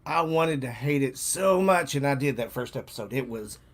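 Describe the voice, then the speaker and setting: A man's voice: medium pitch, expressive, normal speed, fairly bright tone. An older man in casual chat with his daughter on a live stream, giving blunt, dry opinions. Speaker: guest, host's father.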